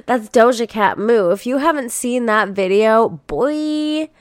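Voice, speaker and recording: Slow-talking woman reading headlines. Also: fairly high pitch, lively intonation, dry recording, clean studio sound. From Canada. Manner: casual and profane, reads headlines aloud then riffs with blunt commentary. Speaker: podcast host. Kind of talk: casual chat reading news headlines.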